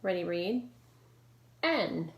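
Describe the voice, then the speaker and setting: A woman teacher talks slowly and patiently through a remote phonics lesson, sounding out letters with care and cheering on her students. Her voice is recorded in an echoey room, with a faint hiss underneath. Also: fairly low pitch, very animated. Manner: slow, clear modeling of sounds with cheerful praise.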